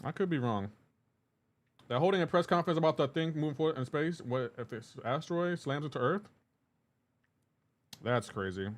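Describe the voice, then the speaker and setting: A man streaming a game live, chatting casually, reading and answering chat aloud in a joking, teasing way. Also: medium pitch.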